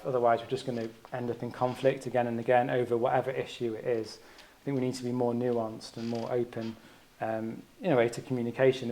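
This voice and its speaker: A man's voice: mid-range voice, darkish tone. A man giving a personal Dharma talk on retreat. He speaks as a doctor, in an earnest, searching way, thinking aloud as he goes.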